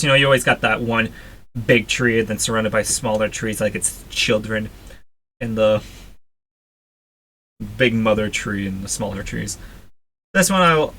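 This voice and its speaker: A man's voice: mid-range voice, fairly bright tone, a little hiss or hum. A young man casually reviewing his own drawings, chatty and self-deprecating, with many fillers and restarts. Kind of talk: casual commentary.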